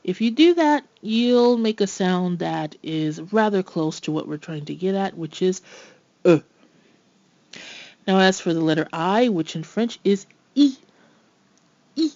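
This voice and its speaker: A woman teaching pronunciation, speaking clearly and slowing down to model each sound. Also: on the low side, animated, darkish tone, dry recording, highs cut off. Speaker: French teacher. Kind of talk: scripted pronunciation lesson.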